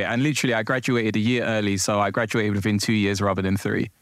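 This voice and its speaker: A man's voice: mid-range voice, fairly even intonation, a little fast, fairly bright tone, dry recording. A young man, telling stories in a casual interview as guest, laughing easily and using frequent fillers. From South East London. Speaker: guest, cultural commentator.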